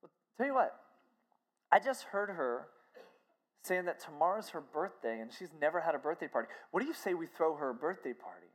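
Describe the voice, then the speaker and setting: An upbeat, friendly pastor with an eager, easygoing way of talking, as a woman preacher puts him on. The voice sits a little above her own pitch. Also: expressive, fairly quick.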